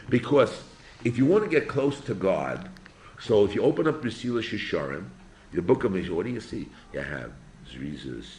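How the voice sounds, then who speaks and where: Older rabbi with a lively, low voice. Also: male voice, slight background noise. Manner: animated, rhetorical questions to students. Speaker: rabbi teaching a yeshiva class. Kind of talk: informal Torah lecture. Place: yeshiva classroom.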